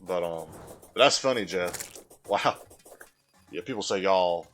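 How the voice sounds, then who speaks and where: A man's voice: deep voice, expressive, measured pace, fairly bright tone, faint music behind. A man with a mild Southern US accent, live-streaming a game in casual chat, reading and answering chat and easily amused.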